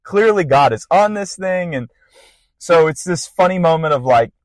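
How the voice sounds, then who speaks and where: A young man casually telling a lively personal story on a podcast, full of fillers and laughter. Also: a little high, moderate pace, dry recording. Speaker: podcast guest sharing a testimony.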